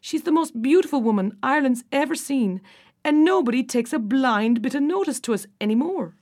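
A woman's voice: high voice, expressive, fairly quick, darkish tone, voice pushed up. A woman voicing two jealous older sisters in a storybook, complaining and indignant. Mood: aggrieved.

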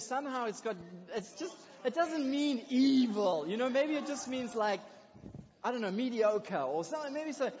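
A man preaching a sermon in a lively, conversational way, with excited asides. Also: very high voice. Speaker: pastor. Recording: dull lo-fi recording in a reverberant hall.

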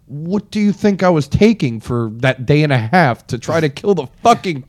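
A man's voice: fairly high pitch, animated, normal speed. A man telling a long story in casual chat, swearing often and acting out what people said to him, growing exasperated. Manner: profane, exasperated, acts out quotes.

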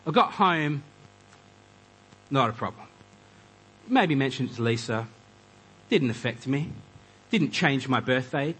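A man preaching a conversational sermon, animated and acting out quoted voices. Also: mid-range voice, unhurried, pauses often, slightly rough, poor audio. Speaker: pastor.

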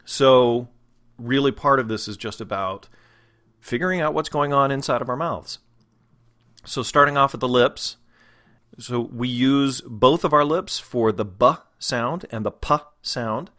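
A man's voice: medium pitch, measured pace, fairly bright tone. Man, voice teacher, patient, methodical, demonstrates sounds, instructional lesson. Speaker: dialect and voice teacher.

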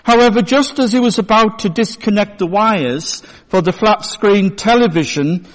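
A male pastor giving a sermon in a church, telling a story in a measured way. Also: high-pitched. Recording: long church reverb.

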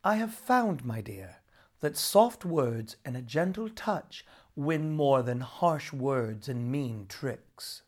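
A storyteller voicing a gentle, patient husband who speaks softly and slowly, in a storybook read-aloud. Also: medium pitch, lively intonation. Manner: soft, slow and kindly, sometimes pleading.

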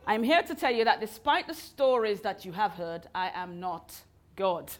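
A woman's voice: medium pitch, big pitch swings, normal speed. A woman, a guest speaker, giving a chatty, self-mocking sermon at a college hall, laughing often as she tells stories. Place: college hall with a live audience.

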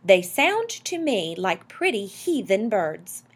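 A woman's voice: mid-range voice, sing-song, takes it slowly, husky, exaggerated voice. A woman voicing a practical, fussy middle-aged housewife who scolds primly. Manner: scolding, prim.

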